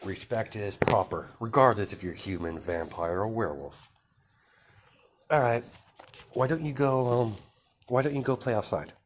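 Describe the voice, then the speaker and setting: A man voicing a proud female vampire princess who is a stern mother, delivering improvised lines with hesitant pauses and fillers. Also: lowish voice, lively intonation, slight background noise, close to an everyday voice.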